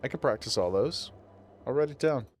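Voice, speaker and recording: A man's voice: mid-range voice, animated, moderate pace, a little mellow, soft background music. Chatty laughing male streamer. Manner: chatty, laughing, talks to chat. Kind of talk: casual livestream chat.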